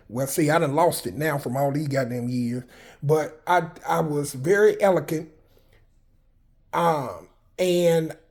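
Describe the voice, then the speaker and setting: A man's voice: fairly high pitch, a little mellow. Blunt, profane man in his fifties. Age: 50s. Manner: blunt, profane, rambling with frequent fillers and restarts. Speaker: vlogger telling personal prison stories. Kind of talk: candid personal storytelling.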